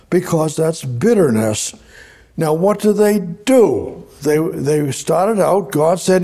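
A man's voice: fairly high pitch, measured pace, vocal fry, mellow. A man preaching a sermon, reading scripture aloud in a conversational, repetitive way. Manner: conversational, repeats words, reads scripture aloud. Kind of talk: sermon, Bible study.

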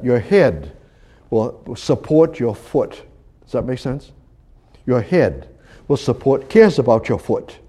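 A man preaching a Bible sermon, shifting between loud urging and hushed asides, with frequent restarts and repeated words, reading scripture aloud. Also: slow, pauses often, husky. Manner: animated, swings between loud exhortation and hushed low asides; reads King James scripture aloud.

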